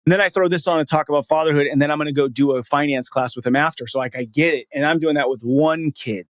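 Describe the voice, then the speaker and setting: A man hosting a podcast, talking in an energetic, casual, encouraging way full of slang, close to the mic. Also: a little high, quick pace, no room sound. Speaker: podcast host. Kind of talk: casual conversation.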